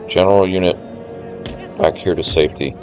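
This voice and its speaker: A man's voice: sits low, steady tone, moderate pace, darkish tone. A man streaming a strategy game, thinking aloud and chatting casually to his viewers as he plans each move. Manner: thinks aloud, musing to chat. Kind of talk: casual gameplay commentary. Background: faint game music.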